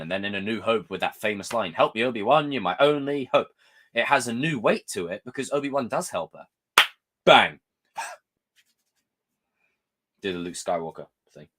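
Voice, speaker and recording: A man's voice: fairly low pitch, fairly bright tone. A man, hosting a live stream and ranting in a casual, exasperated way, swearing often.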